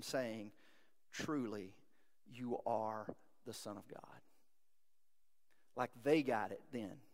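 A middle-aged male pastor preaching a sermon, retelling scripture with animated storytelling that rises with emphasis. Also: a little high. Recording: long reverb of a hall.

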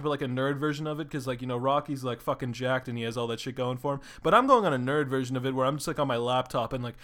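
Fast-talking excitable young man. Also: mid-range voice. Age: young adult. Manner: excitable, rambling, swears a lot, says "like" often. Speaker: podcast host. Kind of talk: casual solo podcast monologue.

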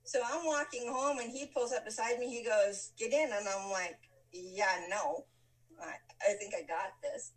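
A woman's voice: on the high side, a little slow. Lady telling old stories, laughs a lot, does everyone's voices, mic kinda far off. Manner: lively, laughs often, acts out quoted lines. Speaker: guest telling a life story. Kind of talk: casual storytelling chat. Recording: voice from a distant mic.

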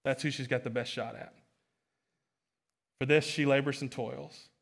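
A man's voice: mid-range voice, fairly even intonation, a little slow, gravelly. A young man preaching a sermon as pastor, emphatic, often repeating phrases and restarting sentences.

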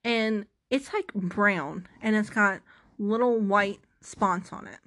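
A woman's voice: medium pitch, takes it slowly, fairly bright tone. Young woman, casual vlog storyteller; theatrical, self-deprecating, rambly delivery. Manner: self-mocking, dramatic, rambling with restarts. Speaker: vlogger.

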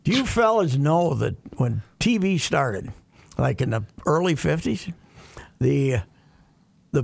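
A man's voice: a little high, creaky, breathy edge, no echo. An older man chatting casually as co-host, rambling with frequent restarts. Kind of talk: casual chat.

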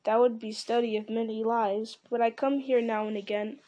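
A woman voicing a mysterious hooded old man who speaks softly and knowingly, unhurried and teasing. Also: a little high, steady tone, dull audio, natural voice. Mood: calm.

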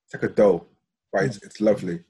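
A man's voice: fairly low pitch, fairly even intonation, fairly quick, warm tone, breathy edge. A man in a laid-back, emphatic casual chat.

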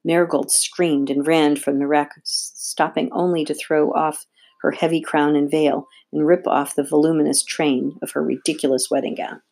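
A woman reads a children's novel aloud in a low voice, steady and expressive. Her narration is calm and clear, the tone of a read-aloud storybook. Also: moderate pace. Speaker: audiobook reader.

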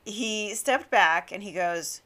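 A woman hosting a talk podcast, telling a story in a relaxed, unhurried way with a bright, clear tone. She chats freely, laughs often and fills her pauses with little fillers. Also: medium pitch. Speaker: podcast host. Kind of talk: casual storytelling monologue; scripted show intro.

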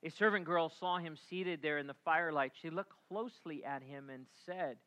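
A middle-aged man preaching a sermon, telling a story with animated delivery and acting out the voices before dropping to a hushed, reflective tone. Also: fairly high pitch, brisk, smooth. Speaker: pastor.

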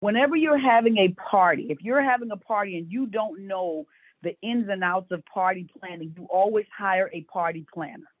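A woman's voice: mid-range voice, normal speed, no room sound. Woman, fifties, earnest storyteller, faith testimony, tinny phone-like sound, dry. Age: 50s. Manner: earnest storytelling, acts out quoted voices. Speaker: guest.

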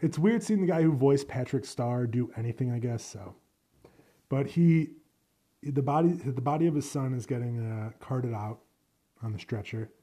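A man's voice: medium pitch, lively intonation, normal speed, warm tone, breathy edge. A man hosting a solo podcast, chatting casually in a rambling, profane, self-deprecating way. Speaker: podcast host.

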